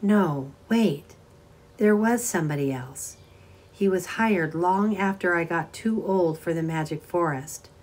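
A timid young woman, close to tears, as voiced by a woman reading aloud, talks softly and wistfully. The voice lifts a little above the reader's low narration while staying gentle and hesitant, a storybook heroine in a quiet moment. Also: a little slow. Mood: sad wistful. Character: sad young woman clerk, tearful and timid.

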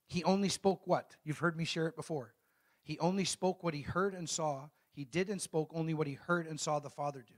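A middle-aged man preaching a sermon as a pastor, calling out questions to the congregation and reading scripture slowly and emphatically. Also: on the high side. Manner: call-and-response preaching, asks the congregation questions.

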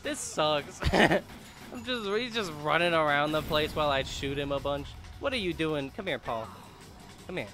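A man commentating a video game as he plays, excitable, laughing and swearing, talking back to the characters on screen. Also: a little high, measured pace, faint music behind. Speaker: gaming YouTuber. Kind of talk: let's play commentary.

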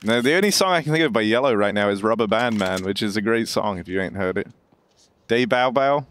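A man casting esports, excitable and jokey, switching from live calls to desk banter. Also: fairly low pitch, fast talker. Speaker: esports commentator. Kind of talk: live play-by-play then desk chat.

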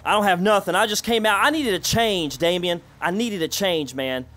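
A man's voice: high-pitched, normal speed. A man voicing a jittery, drug-addled young man in an improvised game role-play, rambling and repeating himself. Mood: wheedling. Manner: rambling, repetitive, excitable.

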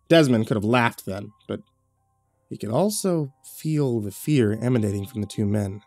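A man narrates a horror story in a steady, dramatic way. The recording is dry and close, with soft music playing faintly underneath. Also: fairly low pitch, normal speed, no echo.

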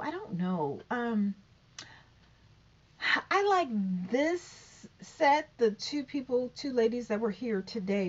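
A talkative woman vlogging in a casual, rambling way, with a higher voice that swings up and down a lot. She piles up fillers and asides as she airs her opinions. The sound is dull and lo-fi. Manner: rambling, animated, many fillers. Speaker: YouTuber commenting on a talk show. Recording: dull lo-fi recording.

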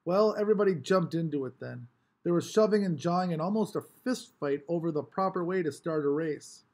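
Expressive man reading a novel. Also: a little high, fairly quick. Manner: expressive, varied storytelling. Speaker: audiobook reader.

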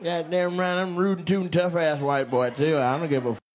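A man's voice: fairly high pitch, steady tone, brisk, lightly acted. A man putting on a brash, hollering cowboy who whoops and curses with swagger, over a live crowd. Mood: rowdy. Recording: live show with loud crowd and noise.

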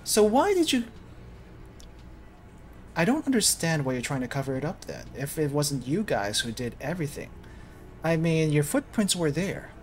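A man streaming a story game, narrating scenes and talking to characters in a playful, animated way. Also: on the high side, normal speed. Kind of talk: let's play commentary. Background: background music.

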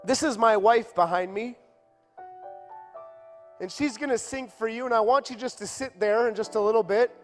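A man with a strikingly high voice preaches in a church. He tells a personal story with raw emotion and builds to passionate pleading. Faint music plays under his words. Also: moderate pace, long pauses, long reverb tail. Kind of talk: sermon storytelling.

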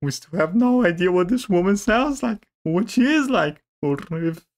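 A man's voice: high voice, normal speed. A man hosting a reaction video, joking and swearing freely in casual commentary. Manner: swears freely, jokey and animated.

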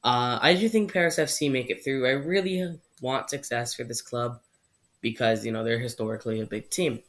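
A man's voice: mid-range voice, normal speed, a bit bright. A young man from Canada hosting his own football vlog, chatting casually through his predictions and stumbling over names. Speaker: football channel host.

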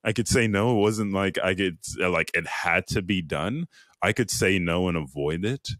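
Deep-voiced man telling a personal story. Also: normal speed, dry recording, clean studio sound. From Chicago. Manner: earnest, lively retelling with quoted inner voices. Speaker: podcast guest. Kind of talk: reflective storytelling.

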